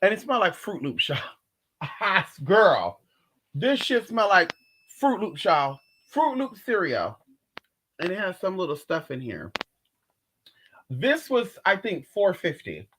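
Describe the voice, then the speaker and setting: In her casual at-home haul vlog, a woman swears and chats away, calling viewers "girl" and "y'all" and squealing high over her purchases. She speaks in a slow, sing-song way with long pauses, and background noise is audible.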